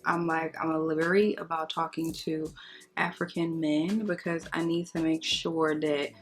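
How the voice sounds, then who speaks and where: A woman's voice: low voice, little pitch movement, unhurried, soft background music. A woman beauty vlogger chatting casually while getting ready, outspoken and sassy with emphatic remarks. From United States. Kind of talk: casual get-ready-with-me chat.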